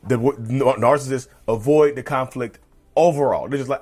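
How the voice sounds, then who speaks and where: A man's voice: mid-range voice, fairly even intonation, normal speed, mellow. A man hosting a casual podcast monologue, talking emphatically and repetitively and addressing listeners as y'all. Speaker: podcast host.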